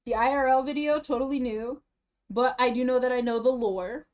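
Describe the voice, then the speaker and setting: A woman's voice: sits high, steady tone, brisk, a little mellow. A young woman live-streaming, chatting casually and rambling, out of breath after eating. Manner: rambling, restarts sentences, chatty.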